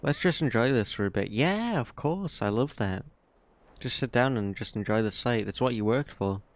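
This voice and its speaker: A man giving casual, rambling gameplay commentary as a let's play host, quick to marvel at what he sees. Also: fairly low pitch, a little hiss or hum. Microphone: desk microphone. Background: faint game music.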